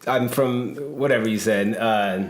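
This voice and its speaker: A man who's a personal trainer hosts a casual podcast, telling a long, rambling story packed with fillers and laughter. His lowish voice is fairly even and unhurried, recorded in an echoey gym or studio room.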